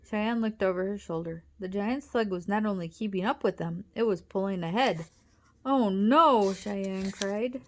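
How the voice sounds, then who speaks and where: A woman reading a children's chapter book aloud with lively storytelling. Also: mid-range voice, a little fast, few pauses. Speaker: audiobook reader.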